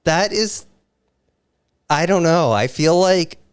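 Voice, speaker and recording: A man's voice: fairly high pitch, animated, slow pace, smooth, no echo, clean studio sound. A man co-hosting a live stream, reacting with exaggerated, overwhelmed exclamations. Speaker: podcast co-host. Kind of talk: casual live-stream chat.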